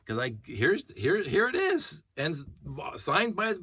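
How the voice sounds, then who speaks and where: Male vlogger: husky and forceful, dry close sound, telling a story in an indignant, rambling way. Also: fairly high pitch, slow, no echo. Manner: animated and indignant, rambling retelling. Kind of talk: casual storytelling rant.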